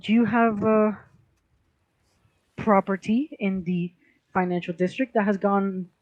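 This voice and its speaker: A man's voice: high-pitched, steady tone, takes it slowly, muffled recording, voice pushed up. A man voicing a short, fussy dwarf woman who works as a housing official, speaking in a prim, officious way.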